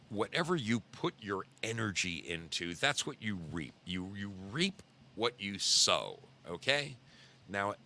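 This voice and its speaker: A middle-aged man hosting a podcast, telling a story casually in a low voice, rambling and repeating himself for emphasis. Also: sharp tone. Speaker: podcast host.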